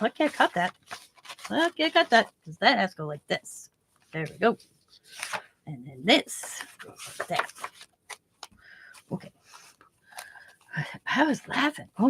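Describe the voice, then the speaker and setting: A woman's voice: mid-range voice, a bit bright, slight background noise. A woman hosting a craft vlog, chatty and often laughing as she tells a story. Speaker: craft channel host. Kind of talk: casual craft vlog chat.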